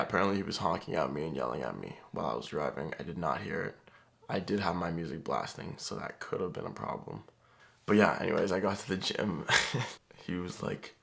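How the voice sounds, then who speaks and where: A man's voice: low voice, creaky, fairly bright tone. A young man chatting casually in a vlog, laid-back and laughing, with casual swearing. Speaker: vlogger.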